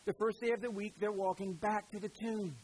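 A man's voice: high-pitched, fairly even intonation, a little fast, a little mellow, husky, low-quality recording. A male preacher giving a sermon in a conversational, storytelling way, often calling his listeners "guys".

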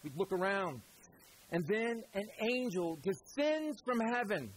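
A man's voice: sits high, lively intonation, measured pace, husky, rough recording. A male preacher giving a sermon in a conversational, storytelling way, often calling his listeners "guys".

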